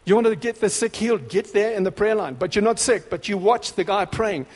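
A man preaching a sermon, exhorting in short emphatic repeated phrases that grow louder and more excited. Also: sits high, brisk, in a large hall.

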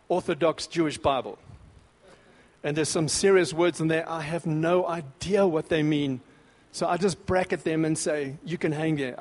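A man preaching a sermon with fervent, emphatic bursts, then dropping into quieter scripture reading. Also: fairly high pitch. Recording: long reverb of a large hall.

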